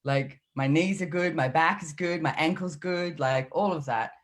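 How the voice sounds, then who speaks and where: A woman's voice: low voice, normal speed. A middle-aged woman speaking in a casual, chatty way as a podcast guest, acting out her inner voices as she talks. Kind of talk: casual chat.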